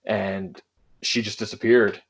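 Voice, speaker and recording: A man's voice: fairly low pitch, steady tone, takes it slowly, gravelly, husky. A young adult man co-hosting a podcast, telling rambling stories in casual chat and laughing often. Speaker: podcast co-host.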